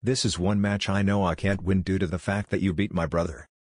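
Resigned teen girl ninja , voiced plainly by a deep-voiced man. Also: steady tone, a little fast, breathy edge, no room sound. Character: calm teenage girl ninja.

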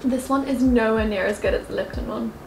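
A young woman vlogs from her home kitchen, chatty and poking fun at herself, laughing a lot and talking to her cat. Her voice is on the high side, brisk and darkish, with a faint hiss or hum. The kitchen echoes, and lofi music plays underneath.

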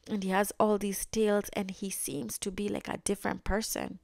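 A woman's voice: medium pitch, little pitch movement, normal speed, vocal fry, few pauses, a little mellow, no room sound, studio quality. A young woman casually recapping a TV episode, chatty, often acting out the characters' lines. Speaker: video reviewer.

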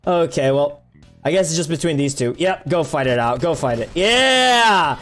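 A young man casually commenting on his own gameplay, excitable and slangy, often yelping and shouting at what happens on screen. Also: fairly high pitch, moderate pace, faint music behind. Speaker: gaming video creator.

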